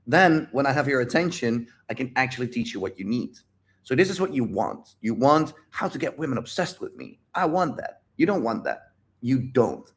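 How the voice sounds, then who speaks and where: A man in casual livestream talk as a dating coach, blunt and animated, repeating phrases and swearing freely. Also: mid-range voice, normal speed. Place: home livestream.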